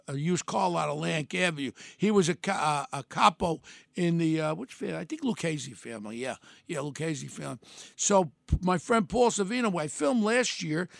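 Gravelly, emphatic male podcast host. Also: a little high, no echo, clean studio sound. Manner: blunt, emphatic, outspoken. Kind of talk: rambling monologue.

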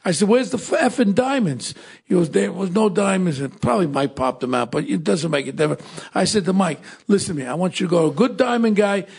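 An older man co-hosting a podcast, telling stories in an excitable, rapid way with lots of repeats. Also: high-pitched, vocal fry, slightly rough. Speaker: podcast co-host. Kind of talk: casual storytelling chat.

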